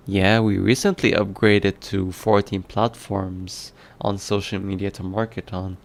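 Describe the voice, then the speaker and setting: A man's voice: sits low, level tone, measured pace, vocal fry, few pauses. A man who develops indie games, talking casually on a stream with lots of fillers and self-corrections. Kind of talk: casual livestream talk.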